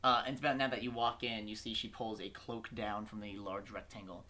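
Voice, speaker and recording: A woman's voice: very deep voice, little pitch movement, a little fast, bright, forceful tone. A woman running a tabletop game as game master, narrating in a loose, chatty way with many fillers and self-corrections.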